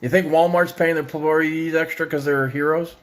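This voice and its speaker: A young man from Ontario, ranting on video as a parent, unloads an angry, sarcastic political tirade full of swearing. His voice is fairly high, a bit bright, and steady in tone, at a normal speed.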